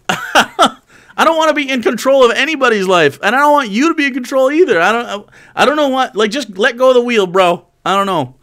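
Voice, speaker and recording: A young man on a live stream, talking back at a clip in disbelief and swearing freely. His voice sits high and swings widely, rising sharply when he is exasperated. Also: expressive, brisk, fairly bright tone. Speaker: streamer reacting to a video. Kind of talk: casual live-stream commentary.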